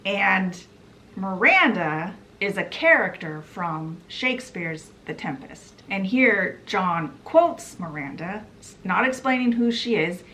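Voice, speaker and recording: A woman's voice: medium pitch, animated, slow pace, pushed and bright, a little hiss or hum. A woman who runs a book vlog, giving a chatty, casual book summary and putting on voices for the quotes. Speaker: book vlogger.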